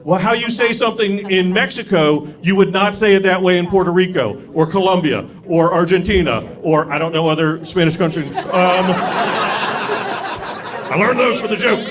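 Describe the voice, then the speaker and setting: A young man doing a stand-up set on a comedy club stage with an animated, self-mocking delivery. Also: high voice, normal speed. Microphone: stage mic. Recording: live club recording with crowd. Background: audience laughter.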